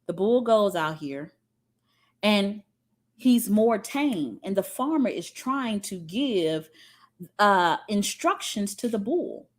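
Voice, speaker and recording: A woman's voice: medium pitch, very animated, takes it slowly. A woman giving a spiritual teaching talk in a blunt, profane and emphatic way, often checking in with "okay?".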